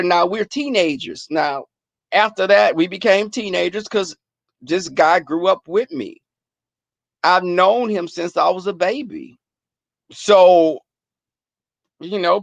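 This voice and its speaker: Gravelly, profane man telling stories. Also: high voice, dry recording. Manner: profane, animated, laughing storyteller. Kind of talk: casual storytelling to a chat.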